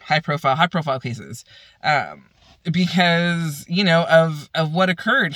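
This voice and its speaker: A woman's voice: sits low, fairly bright tone, dry recording. A woman vlogging outdoors as a law student, ranting in exasperation with heavy profanity and repeated emphasis. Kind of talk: ranting vlog. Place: outdoors, by a path.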